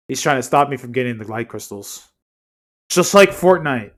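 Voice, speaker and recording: A man's voice: medium pitch, moderate pace, a bit bright. A young man streaming live, chatting casually in rambling asides that often correct themselves.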